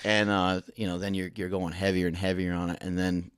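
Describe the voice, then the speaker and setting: A man's voice: deep voice, level tone, brisk, smooth, dry recording, clean studio sound. A man hosting a podcast in casual chat, telling rambling, profane stories. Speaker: podcast host.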